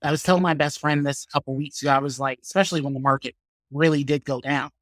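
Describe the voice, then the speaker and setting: A man's voice: fairly high pitch, steady tone, fast, a bit bright, dry recording, clean studio sound. A man hosting a casual solo podcast, ranting bluntly with swearing, many fillers and bursts of laughter. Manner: blunt, profane, opinionated rant. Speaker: podcast host.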